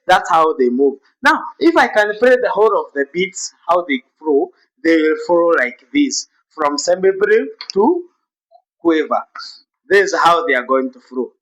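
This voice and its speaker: A man's voice: sits high, animated, a little slow, a bit bright, low-quality recording. A man teaching a beginners' music lesson, explaining note values step by step and chanting rhythm syllables aloud.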